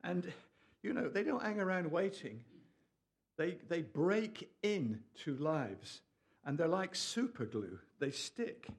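A man preaching a lively, jokey sermon, with asides to his audience. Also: a little high, slow. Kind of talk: lively sermon to a small group.

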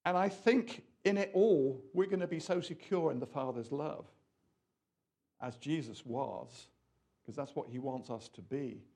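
A man preaching a sermon in an animated, rambling way, full of asides and questions to the audience. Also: medium pitch, unhurried.

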